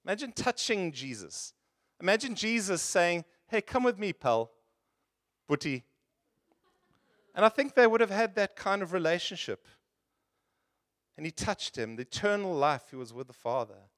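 A man's voice: sits high, animated, moderate pace, pauses often, fairly bright tone. Earnest man preaching a sermon. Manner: earnest, conversational preaching with rhetorical questions. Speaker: pastor.

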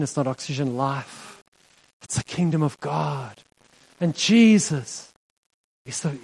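Male pastor, fairly high voice, conversational sermon delivery with frequent laughs. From South Africa. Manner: earnest, conversational, laughs often, voice rises when stressing a point. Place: church hall.

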